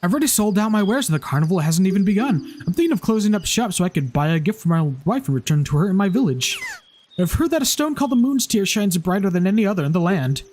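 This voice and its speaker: A man's voice: high voice, sing-song, fast, darkish tone, slight background noise, pitched above the performer's own voice. A man reading the lines of a small male Deku Scrub merchant who misses his wife, in a slightly raised voice. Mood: wistful. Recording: game music playing behind.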